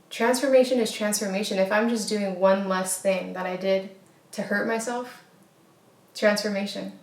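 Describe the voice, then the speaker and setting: A woman's voice: mid-range voice, fairly even intonation, moderate pace. A woman hosting a casual motivational wellness talk, speaking earnestly with frequent fillers and repeated phrases. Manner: earnest, repetitive, filler-heavy. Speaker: wellness host. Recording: echoey room.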